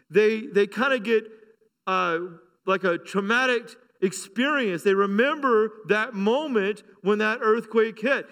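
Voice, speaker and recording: In a church sanctuary with long, hall-like reverb, a middle-aged pastor delivers a fervent sermon full of call-outs and humor. His voice is high-pitched and fairly bright.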